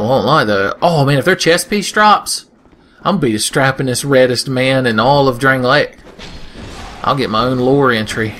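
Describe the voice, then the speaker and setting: A man's voice: mid-range voice, fairly bright tone, a little hiss or hum. A young man giving casual, joking gameplay commentary with crude humor, often slipping into silly voices. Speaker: let's play host.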